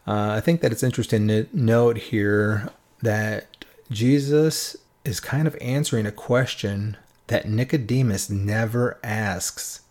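A man with a fairly low voice teaches through Bible passages step by step. He keeps it conversational and informal, often tagging his points with a quick "right?" to keep listeners following. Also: a little mellow.

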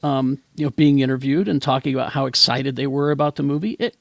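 A man's voice: mid-range voice, steady tone, fast talker, vocal fry, no room sound. A man hosting a casual pop-culture chat show, talking in a rambling, chatty way with plenty of fillers. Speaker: podcast host.

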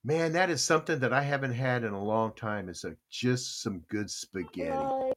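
A man's voice: mid-range voice, moderate pace. A man on a morning show, talking about food in a folksy, rambling way with lots of fillers. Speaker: co-host. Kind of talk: casual morning show chat.

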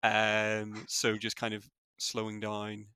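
A young man with a Belfast accent speaks in a flat, gravelly voice, his delivery quick and cluttered with fillers and restarts. The recording is dry and close. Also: lowish voice, no echo. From Northern Ireland. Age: young adult. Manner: fast-talking, many fillers and restarts. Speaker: former student guest. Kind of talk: casual interview chat.

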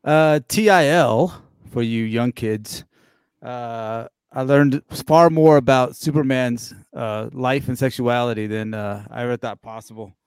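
A man's voice: mid-range voice, a little slow, clean tone, dry recording. A man co-hosting a casual podcast, giving a short wisecracking wrap-up. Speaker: podcast co-host. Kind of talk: casual chat.

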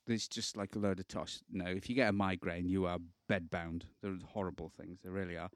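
Podcast bloke rambling and cracking jokes, lowish voice, dead dry sound. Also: male voice, fairly even intonation, fairly quick, few pauses, no echo. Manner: jokey, rambling, laughs often. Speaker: podcast co-host. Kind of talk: casual banter.

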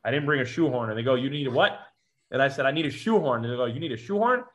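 Fast-talking man telling his story. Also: mid-range voice. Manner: animated retelling with quoted dialogue. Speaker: police officer. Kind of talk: personal storytelling.

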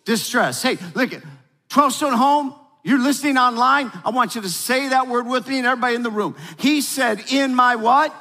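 A man preaching a sermon as pastor, energetic and emphatic, drawing the congregation into call-and-response. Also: extremely high pitch, a little fast, long reverb tail.

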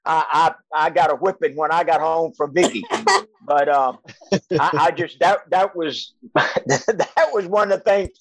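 Older retired coach; high, dry voice; rambling, stop-start storytelling over a video call. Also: male voice, no echo, poor audio. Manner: halting, repeats words, chuckles as he tells. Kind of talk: storytelling on a casual podcast.

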